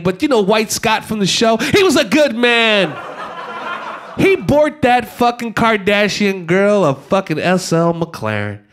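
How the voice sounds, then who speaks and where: A man doing a profane stand-up comedy set on stage, swinging from shouting to a hushed mock-calm voice. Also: high voice. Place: stage before a live audience.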